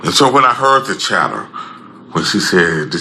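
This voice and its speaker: Gravelly, emphatic man. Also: very animated, normal speed, slight background noise. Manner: emphatic and repetitive, swings between loud and low. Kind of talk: impassioned public address.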